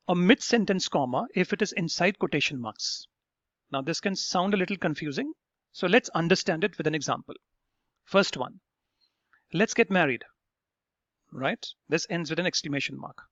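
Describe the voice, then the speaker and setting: A man's voice: a little high, fairly bright tone, dry recording, lo-fi sound. A man teaching an English grammar lesson, explaining each rule step by step and often checking in with "right?".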